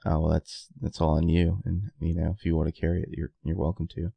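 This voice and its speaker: A man co-hosting a casual podcast, teasing his partner in a dry, deadpan, passive-aggressive way. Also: deep voice, quick pace, vocal fry, dry recording, dull audio. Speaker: podcast co-host.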